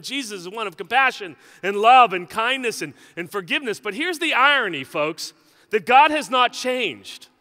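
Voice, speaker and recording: A man's voice: high-pitched, pushed and bright, in a large hall. A male pastor preaching a sermon in a conversational, joking way, often checking in with the congregation. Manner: conversational and joking, with frequent "right?" asides.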